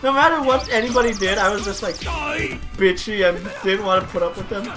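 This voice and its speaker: A man with a fairly high voice tells animated stories in casual chat while a game is being played. He fills his talk with "like" and swears freely, with video game music running clearly underneath. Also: fairly quick. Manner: animated storytelling full of "like" fillers, swears freely. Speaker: storyteller co-host of a gameplay video. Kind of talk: casual chat over gameplay.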